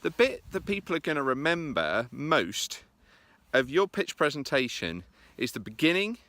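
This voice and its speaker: Male presentation coach, walking vlog outdoors, fairly high and bright tone, chatty, pokes fun at himself. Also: big pitch swings, moderate pace, no echo. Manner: chatty and self-deprecating, with frequent "uh" fillers. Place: outdoors in the countryside.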